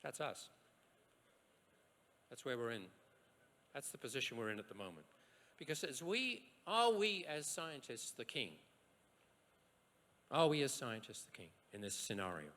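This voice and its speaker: A man from Australia giving a university science lecture, rhetorical and lively, with asides and short jokes. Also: mid-range voice, unhurried, long pauses. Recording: echoey lecture hall.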